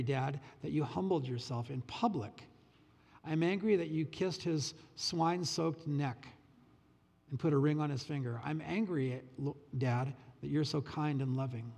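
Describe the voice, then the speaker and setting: A man voicing a resentful older brother who complains bitterly. His voice has a gravelly edge. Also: on the high side, a little mellow, in a large hall, heavily acted.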